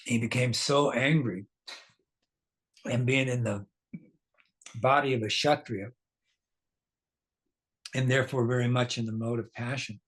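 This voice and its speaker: A man's voice: medium pitch, fairly even intonation, a little slow, long pauses, fairly bright tone. A man teaching a scripture class, telling the story casually, laughing now and then and quizzing his listeners.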